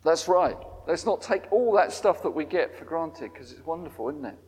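A man with a high voice talks casually to a congregation at a harvest service. He keeps asking them questions. His voice carries with the long reverb of a large church hall. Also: animated, normal speed, a little mellow. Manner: chatty, asks the congregation questions. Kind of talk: interactive talk to a congregation.

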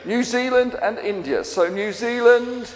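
Chatty man, high voice. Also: measured pace. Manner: chatty, asks the congregation questions. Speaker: church leader at a harvest service. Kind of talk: interactive talk to a congregation. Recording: long reverb of a large hall.

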